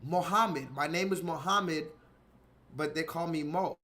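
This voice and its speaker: A man doing a quiet polite store clerk. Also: a little high, unhurried. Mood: calm. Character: calm polite male store worker.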